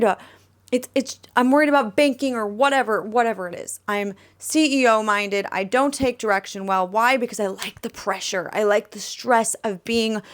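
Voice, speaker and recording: A young woman musician talking candidly in her bedroom for a vlog, chatty and rambling, with frequent fillers and restarts. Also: a little high. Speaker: vlogger and musician.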